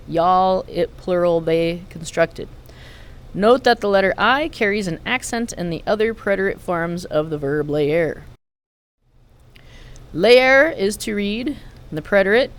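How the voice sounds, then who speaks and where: Slow, careful woman teacher. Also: medium pitch, animated. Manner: slow, careful, drilling each verb form. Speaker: Spanish teacher. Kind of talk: recorded vocabulary lesson narration.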